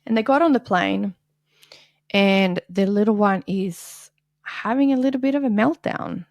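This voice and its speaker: Earnest woman podcast host, candid monologue, some vocal fry, dry close recording. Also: mid-range voice, a little slow, no room sound. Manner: earnest, confessional, dips to soft whispers.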